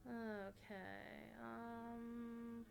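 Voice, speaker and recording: A woman livestreaming a game, chatting in a rambling way with sudden excited outbursts. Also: fairly high pitch, drawn-out words, creaky, faint music behind. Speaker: livestreaming gamer. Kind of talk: casual chat while playing a game.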